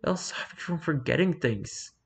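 A weary, guilt-ridden grown daughter, put on by a man with a raised, soft, pleading voice. The reading stays gentle and hushed, like a read-aloud story. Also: on the high side, expressive, moderate pace, voice pushed up.

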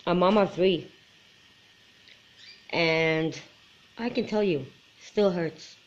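A woman's voice: lowish voice, lo-fi sound. Emotional woman in her forties, vlogging. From Quebec. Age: 40s. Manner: earnest, emotional, halting. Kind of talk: personal vlog talk to camera.

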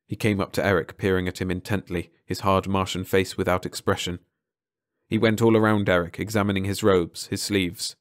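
Low-voiced man reading a story. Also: level tone, no room sound, clean studio sound. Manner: measured, slowing on key phrases. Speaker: audiobook narrator. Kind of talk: scripted story narration.

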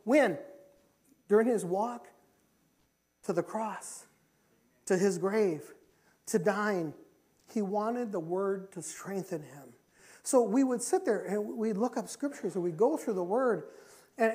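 A middle-aged man preaching a sermon in a church. He talks emphatically, repeats his key phrases, and moves between loud and quiet passages. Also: sits high, a little slow. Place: church sanctuary.

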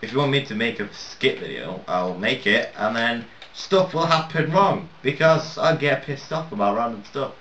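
He talks at normal speed with few pauses, his medium-pitched, slightly bright voice lively in intonation, over slight background noise. This gaming video maker gives rambling, self-mocking, swear-filled let's-play commentary while building, recorded on a distant, dull, lo-fi mic in a roomy space.

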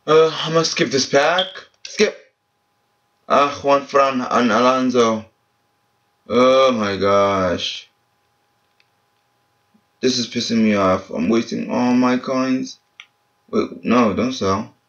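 17 yr old boy grumbling and cursing thru a video game, slow drawl, dull lo-fi mic. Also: mid-range voice, fairly bright tone. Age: teens. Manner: frustrated, swears often. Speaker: gaming channel host. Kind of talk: casual gameplay commentary. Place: family home, speaking quietly.

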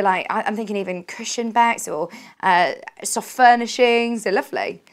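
A young woman with a British accent, chattering away in a bubbly live-TV selling style. Her voice sits a little high, and she keeps slipping in quick asides and self-corrections. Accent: British English. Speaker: shopping channel presenter. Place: TV studio.

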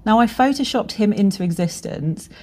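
A woman's voice: medium pitch, animated, moderate pace, a little mellow. A woman hosting a solo podcast, talking candidly and casually, swearing freely as she tells stories. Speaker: podcast host and brand strategist.

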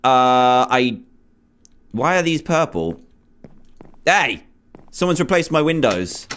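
A man's voice: mid-range voice, very animated, takes it slowly, a bit bright, slight background noise. A young man hosting a horror game playthrough, jumpy and exclaiming as he talks to himself and his viewers. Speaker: gaming video host. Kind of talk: let's play commentary.

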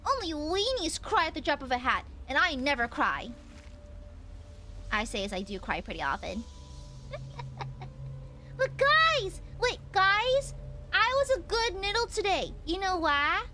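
A VTuber streamer with a high, bright voice chats casually while gaming, playful and teasing as she reads out donations. Her delivery is animated with quick pitch jumps, and there's a little hiss or hum in the recording.

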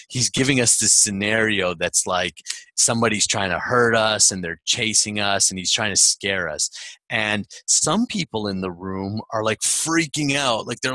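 Laughing frequently, a man with a lowish voice shares a personal story as a motivational speaker at a seminar, delivering it with lively energy. There's no echo on the audio.

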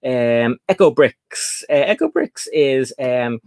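A man's voice: mid-range voice, very animated, takes it slowly, darkish tone, no room sound. A man hosting a casual live stream, greeting viewers by name with plenty of ums and uhs. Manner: chatty, reads out chat names with fillers. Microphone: desk setup, computer far away.

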